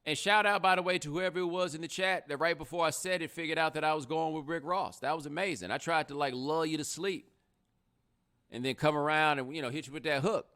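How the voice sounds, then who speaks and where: A man hosting a casual livestream podcast, talking in an animated, sarcastic way. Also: fairly high pitch, fast talker. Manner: animated, sarcastic, rising to loud exclamations. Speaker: podcast host.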